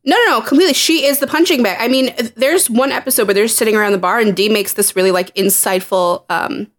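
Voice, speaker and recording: Woman going on eagerly about characters, fairly high voice, casual. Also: fast talker. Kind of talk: casual chat.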